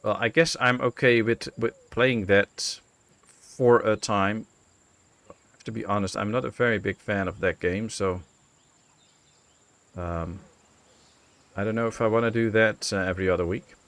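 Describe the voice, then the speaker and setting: Speaking at normal speed in a lowish voice with long pauses, a Dutch gaming streamer plays a colony-building game; there's no echo. His chat with viewers is relaxed and musing, thick with fillers.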